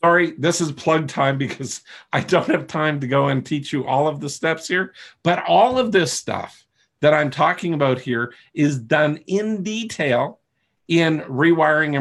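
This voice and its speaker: A man's voice: medium pitch, vocal fry, fairly bright tone. A man coaching a live online class, explaining patiently and often checking in with his listeners, over a video call microphone. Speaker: coach teaching a webinar. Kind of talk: live online teaching session.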